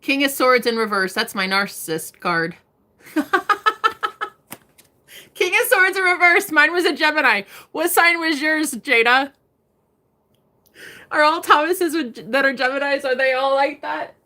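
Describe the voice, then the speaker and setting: Young woman, live tarot reader, bright and lively, swears and laughs a lot, fairly high voice. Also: a little slow, pauses often. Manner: chatty, swears freely, laughs often. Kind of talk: live-stream tarot reading.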